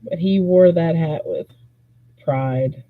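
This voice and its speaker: A live stream host telling a rambling story in a casual, animated way, swearing freely. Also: medium pitch, slow pace. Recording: tinny phone-like audio.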